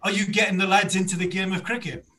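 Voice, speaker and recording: A man, a former fast bowler, interviewing a guest in a relaxed sports chat and rambling through anecdotes. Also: sits high.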